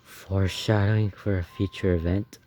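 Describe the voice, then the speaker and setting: A man giving casual reaction commentary on his own old animation, excitable and rambling, often laughing and gasping between thoughts. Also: sits low, normal speed, slight background noise. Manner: excitable and rambling, with many fillers, laughs and gasps.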